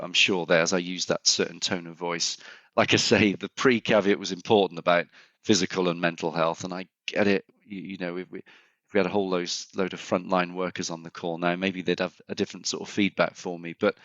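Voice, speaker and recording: Low-voiced man telling stories, muffled. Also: bright, forceful tone, no echo. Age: middle-aged. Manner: storytelling, thinking aloud with frequent restarts. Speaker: podcast guest, strategy execution consultant. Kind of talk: conversational podcast interview. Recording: slightly muffled, dry sound.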